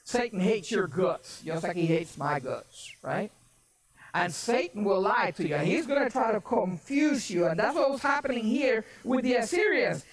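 A woman's voice: mid-range voice, lively intonation, moderate pace. A woman pastor preaching a sermon, emphatic and often raising her voice for stress, with casual folksy asides.

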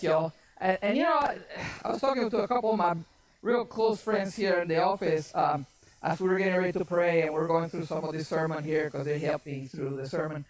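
A woman pastor preaching a sermon, emphatic and often raising her voice for stress, with casual folksy asides. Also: fairly low pitch.

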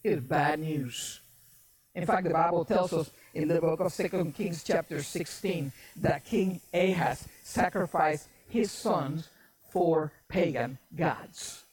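A woman's voice: fairly low pitch, measured pace, a little mellow. A woman pastor preaching a sermon, emphatic and often raising her voice for stress, with casual folksy asides.

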